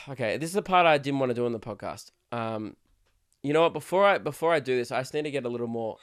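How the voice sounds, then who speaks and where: A young Australian comedian rants on his own solo podcast in a fast, expressive, medium-pitched voice, with a little hiss or hum in the recording. He's casual, sarcastic and sweary, shouting now and then for effect.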